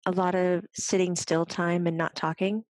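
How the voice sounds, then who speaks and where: A woman's voice: fairly low pitch, little pitch movement, normal speed, a little mellow, no echo. A woman working as a medium on a talk show, chatting casually, laughing often and passing on what a spirit tells her. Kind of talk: casual chat.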